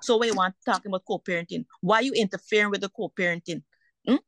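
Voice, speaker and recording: A woman's voice: mid-range voice, quick pace, fairly bright tone. A woman, a mother caught in a custody dispute, telling her story in a heated, indignant way and repeating herself for emphasis. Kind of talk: emotional personal account.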